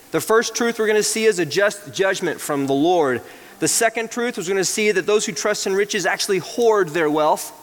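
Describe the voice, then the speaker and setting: A man's voice: a little high, a bit bright. Man preaching in an echoing hall. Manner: reads scripture aloud and explains it verse by verse. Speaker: pastor. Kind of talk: sermon.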